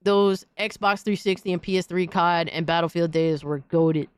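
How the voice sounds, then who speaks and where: A woman's voice: fairly low pitch, normal speed, clear, resonant tone, no echo. A woman hosting a podcast, delivering a heated, profane, slang-filled rant in casual commentary. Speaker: podcast host.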